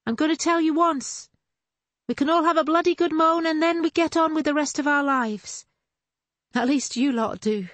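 A woman reading an audiobook, voicing a blunt, swearing young woman who is gravely ill. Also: a little high, a little slow, dry recording, voice pushed up. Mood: defiant. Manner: swearing, defiant, sardonic. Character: blunt sick young woman, sharp-tongued sister.

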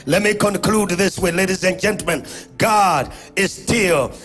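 A man with a Kenyan accent preaches a sermon at a church conference, calling out to the congregation and leading call-and-response over soft background music. His booming voice is a little slow and a bit bright, with sudden swings in pitch and volume.

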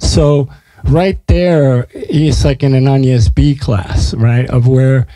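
A man's voice: medium pitch, fairly even intonation, takes it slowly, dark tone, no room sound, low-quality recording. A man, telling stories in casual, profane conversation and acting out what people said. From United States. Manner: swears freely, acts out quotes in storytelling. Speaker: artist guest.

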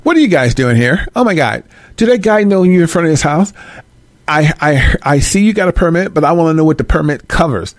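A woman's voice: low-pitched, lively intonation, brisk, dry recording. A man mimicking a nosy, meddling middle-aged woman who asks prying, fussy questions.

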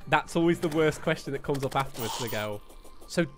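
A British man hosts a live gaming stream with easy, casual chatter. He laughs often and slips into quick voices for people in his stories, at an ordinary middle pitch. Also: faint music behind. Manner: laughs often, acts out others in quoted asides.

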